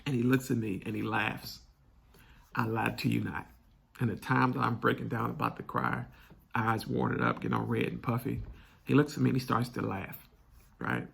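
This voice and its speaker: A young man telling a personal story candidly, halting and restarting often. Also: mid-range voice, steady tone, creaky, fairly bright tone, slightly rough. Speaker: vlog host.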